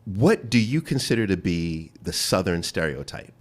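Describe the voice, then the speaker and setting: A man's voice: low-pitched, very animated. A man hosting an interview podcast, talking in a playful, casual way and leaning on key words. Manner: playful, laughs often, drawn-out emphasis. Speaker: host.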